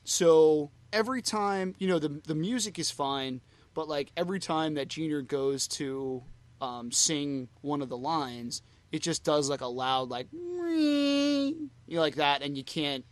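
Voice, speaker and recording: A man with a slightly raised pitch chats loosely on a fan podcast. He rambles, circling back with constant "you know" and "like" fillers as he recalls an old concert. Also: unhurried, no echo. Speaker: podcast co-host. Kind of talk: casual fan podcast chat.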